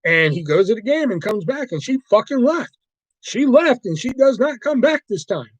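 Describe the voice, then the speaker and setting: A man's voice: very high-pitched, sing-song, moderate pace, no echo, low-quality recording. A man hosting a livestream, chatting casually about movies in a rambling, profane way. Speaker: livestream host.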